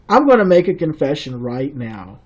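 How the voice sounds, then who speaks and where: A man's voice: fairly high pitch, very animated, normal speed, highs cut off. A man ranting sarcastically in a comedic video commentary. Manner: ranting, mocking.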